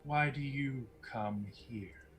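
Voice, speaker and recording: A man voicing a scarred former queen who speaks in a soft, slow, menacing hush. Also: medium pitch, soft background music, close to an everyday voice, rough recording.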